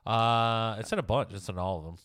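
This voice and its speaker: A man's voice: on the low side, brisk, a bit bright, dry recording, clean studio sound. A man co-hosting a casual sports podcast in a laid-back way, often saying "dude". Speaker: podcast co-host.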